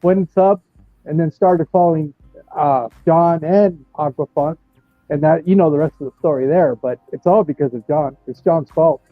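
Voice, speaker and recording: A man calling in to a casual chat, telling a story in a relaxed way. His voice is fairly high and sounds tinny and dry, like a phone line, with faint music behind. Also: normal speed, dry recording.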